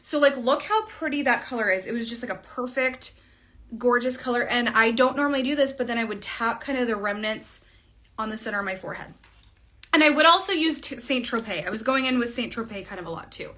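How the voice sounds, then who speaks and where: A woman's voice: a little high, animated, brisk, sharp tone. A young woman casually talking through her makeup routine in a chatty, rambling way, trailing off mid-sentence. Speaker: makeup vlogger.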